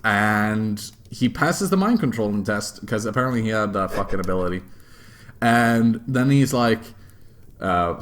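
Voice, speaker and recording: A man's voice: fairly low pitch, unhurried. A young man, hosting a casual chat and telling a tabletop game story with lots of laughing and swearing. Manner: animated, laughing, swearing freely. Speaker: host.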